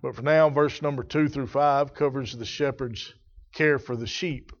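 A man preaching a sermon in a church, reading scripture and teaching in a measured way, repeating key phrases. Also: mid-range voice, fairly even intonation, dull audio.

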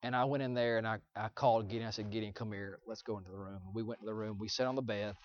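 A young man preaching, telling a personal story in an earnest, confessional way that swings from loud to hushed. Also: on the low side, fairly even intonation, very fast, lo-fi sound. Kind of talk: sermon illustration.

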